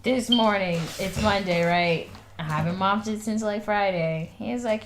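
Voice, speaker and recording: A woman's voice: mid-range voice, moderate pace, crowd noise. A sleepy woman co-hosting a podcast, telling stories with laughter in casual chat. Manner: laughing, animated storytelling. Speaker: podcast co-host.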